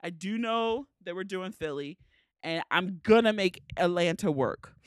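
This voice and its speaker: A woman's voice: lowish voice, expressive, a little slow, clean tone, no room sound. Woman, solo podcast host, teary, emotional, candid, dry close mic. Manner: emotional, candid, swears casually. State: tearful, crying.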